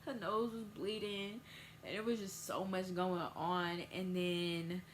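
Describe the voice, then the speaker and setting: Teen girl, casual vlog storyteller, jumps high for quotes, faint background noise. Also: little pitch movement, slow pace. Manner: casual storytelling, acts out quoted voices with big pitch jumps. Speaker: vlogger.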